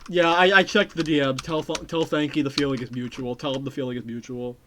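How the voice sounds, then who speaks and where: A game streamer chatting live with viewers, rambling and excitable, repeating phrases and swearing casually. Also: mid-range voice, fairly quick, a little hiss or hum. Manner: talks to chat and repeats phrases. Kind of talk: casual live-stream chat while playing.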